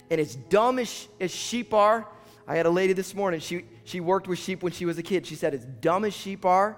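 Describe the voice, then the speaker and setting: A man's voice: sits high, moderate pace, big-room sound, soft background music. A man preaching an earnest sermon as pastor, building to fervent appeals to his listeners. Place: church auditorium.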